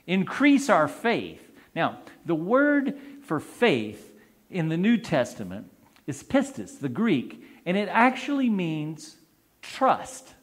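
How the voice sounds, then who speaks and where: A male priest preaches a sermon, chatting with his congregation and asking them questions. His voice is slightly higher than most men's and moves a lot in pitch. He takes his time with each phrase. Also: wildly swooping pitch, takes it slowly. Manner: conversational, asks the congregation questions.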